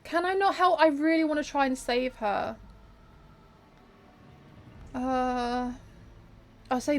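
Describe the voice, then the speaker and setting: Casting: woman gamer, higher voice, casual running commentary, unsure, sympathetic, faint noise behind. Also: fairly even intonation, slow, pauses often. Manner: thinks aloud, sympathetic, hesitant. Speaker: gamer playing through a story game. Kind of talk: casual let's-play commentary.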